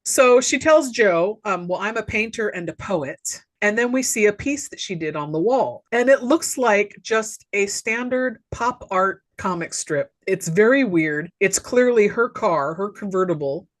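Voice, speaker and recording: A woman's voice: mid-range voice, animated, unhurried, few pauses. A young adult woman co-hosts a casual movie podcast, her voice swooping up and down as she retells scenes. She laughs often and swears freely. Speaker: podcast co-host. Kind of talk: casual movie recap chat.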